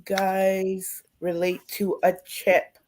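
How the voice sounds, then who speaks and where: A woman's voice: medium pitch, monotone, drawn-out words, darkish tone, a little hiss or hum. A woman co-hosting a live stream of readings, reading out viewer comments in a plain way. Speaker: co-host.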